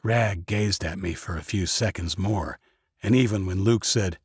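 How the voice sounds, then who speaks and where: A man's voice: deep voice, normal speed, husky, dry recording, studio quality. A man narrating a first-person audiobook, voicing every character himself.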